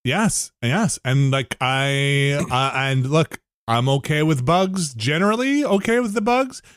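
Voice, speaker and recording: Animated, rambling male podcast host. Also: a little high, measured pace, clear, resonant tone, dry recording, studio quality. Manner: rambling animated storyteller, many fillers, bursts of laughter. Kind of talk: casual chat, anecdote.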